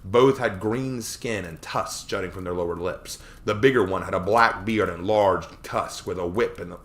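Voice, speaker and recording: Man, lowish voice, storyteller, first-person fiction read aloud, measured and expressive. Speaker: storyteller reading his own fiction.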